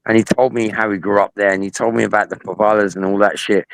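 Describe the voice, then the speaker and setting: A man's voice: fairly low pitch, steady tone, fast talker, creaky, dry recording. A man in his sixties with a Dublin Irish accent, a guest on a live stream who argues insistently, swears and restarts his sentences. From Ireland. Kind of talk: heated live-stream debate.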